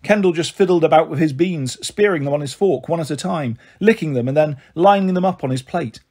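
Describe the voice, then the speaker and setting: Husky man reading a storybook aloud. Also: on the high side, fairly quick. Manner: steady first-person narration. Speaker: reader.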